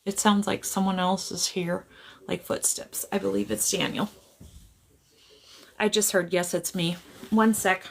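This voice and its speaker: Woman, psychic medium, casual livestream chat, gravelly voice, apologetic, laughs a lot. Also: medium pitch, steady tone, unhurried, long pauses, slight background noise. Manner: laughs often, keeps apologizing, easily sidetracked. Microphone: camera on a tripod.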